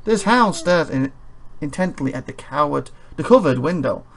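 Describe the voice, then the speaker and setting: Casting a tired game streamer with a slightly high, gravelly voice who rambles through game text with chuckles. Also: male voice, lively intonation, moderate pace. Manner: rambling, chuckling asides between read-out passages. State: tired and yawning. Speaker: let's play host. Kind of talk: casual gameplay commentary reading game text aloud.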